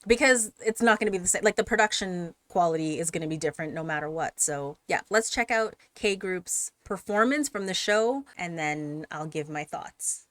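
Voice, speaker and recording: A woman hosting a reaction channel, chatting casually and getting excited, sometimes shouting and laughing. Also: lowish voice, moderate pace, few pauses, no room sound. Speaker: K-pop reaction channel host.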